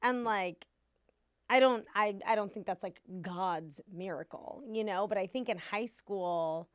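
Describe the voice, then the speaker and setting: Woman, podcast host, casual chat, sincere, filler-heavy, dry studio sound, mid-pitched. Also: unhurried, smooth, dry recording. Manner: chatty, sincere, uses many "like" fillers.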